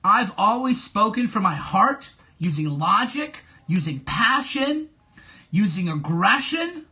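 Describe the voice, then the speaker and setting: A man's voice: high voice, sing-song, slow pace, pushed and bright. A man hosting a live stream, ranting combatively at commenters, swearing and repeating his questions insistently. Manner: mocks others in a whiny put-on voice. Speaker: livestream host.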